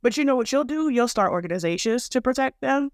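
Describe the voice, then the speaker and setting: A woman's voice: fairly high pitch, animated, fast talker, dry recording, studio quality. Blunt, profane woman podcast host. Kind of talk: opinionated commentary monologue.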